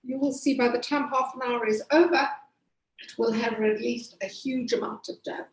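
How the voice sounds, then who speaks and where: A woman pastry chef explains her dish step by step, chatty and full of little fillers. Her voice sits a bit high. The room around her is echoey. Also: fairly even intonation, normal speed. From Zimbabwe. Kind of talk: cooking demonstration with chat.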